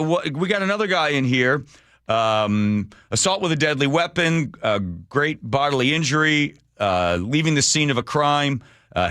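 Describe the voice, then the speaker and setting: A man's voice: on the high side, bright, forceful tone, no echo. A man hosting a talk radio show, delivering sarcastic commentary full of mocking rhetorical questions into a studio microphone.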